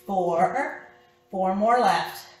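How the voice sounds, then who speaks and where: Slow-talking woman counting workout reps. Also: medium pitch, distant mic. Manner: counting reps and giving short cues. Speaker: fitness instructor. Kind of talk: workout class instruction. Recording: echoey room with background music.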